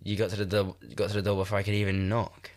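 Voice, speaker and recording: This podcast host in his twenties talks fast in a lowish voice, his delivery completely flat despite his rambling, self-deprecating chatter and frequent laughter. He sounds nasal and congested from a cold, and he's recording casual chat on a new podcast microphone.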